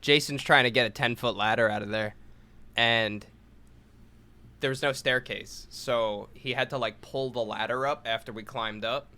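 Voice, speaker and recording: A man's voice: medium pitch, fairly even intonation, normal speed, pushed and bright. A young man telling a rambling story on a casual podcast, swearing freely and acting out quotes. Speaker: podcast co-host.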